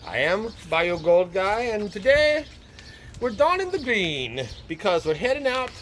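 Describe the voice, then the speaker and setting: A man's voice: high-pitched, big pitch swings, measured pace, a bit bright, a little hiss or hum, pitched above the performer's own voice, exaggerated voice. A man putting on a jolly, hammy fake Irish accent to open his show. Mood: cheery. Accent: put-on Irish. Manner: hammy, singsong greeting.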